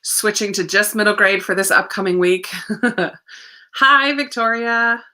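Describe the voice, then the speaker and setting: Bright, chatty woman hosting a livestream. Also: medium pitch, a little slow. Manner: chatty, reads viewer comments aloud, laughs often. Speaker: livestream host. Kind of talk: casual livestream chat.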